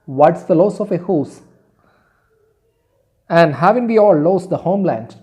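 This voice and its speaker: A man reading aloud the lines of an irritable, nostalgic immigrant uncle who shouts dismissively. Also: high-pitched, expressive, a little slow, pitched above the performer's own voice. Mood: irritated.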